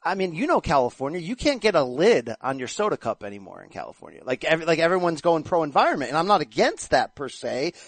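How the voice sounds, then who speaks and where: A man's voice: a little high, big pitch swings, quick pace, few pauses, dry recording. A man hosting a casual boxing chat show, joking and bantering with his co-host. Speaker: podcast host.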